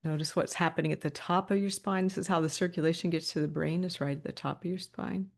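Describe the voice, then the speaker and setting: A woman leads a guided body-awareness session over a video call, her voice sitting low with a gravelly, fry-edged texture. She talks in a calm, inviting way and laughs lightly between her cues. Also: fast talker. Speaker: webinar presenter.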